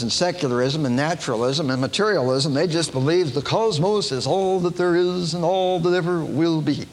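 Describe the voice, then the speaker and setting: A man preaching a sermon from a stage with a podium, animated and full of mocking humorous asides. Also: high-pitched. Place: lecture hall stage with podium. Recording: reverberant hall, faint background noise.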